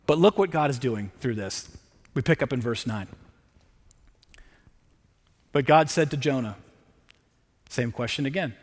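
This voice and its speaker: A man preaching a sermon in a conversational, animated way, often checking in with the listeners with a quick "right?". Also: mid-range voice. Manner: conversational preaching, with frequent "right?" tag questions. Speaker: pastor. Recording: long reverb.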